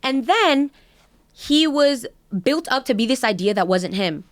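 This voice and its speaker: A woman's voice: sits high, expressive, unhurried, no room sound. A woman co-hosting a podcast in casual chat, passionate and emphatic, with playful asides. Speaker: podcast co-host.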